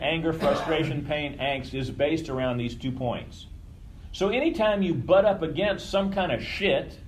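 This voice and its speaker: A man's voice: a little high, a little hiss or hum, low-quality recording. A man leading a group session in a casual teaching talk, conversational, swearing freely and often checking in with his listeners. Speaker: workshop leader.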